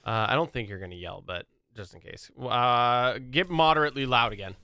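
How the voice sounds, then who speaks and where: A man with a bright, clean voice runs a live podcast, rambling through his audio problems in easy chat. The sound is dry and close. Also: mid-range voice, fairly quick, clean tone, dry recording. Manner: rambling, troubleshooting aloud. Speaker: podcast host. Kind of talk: casual chat while sound-checking.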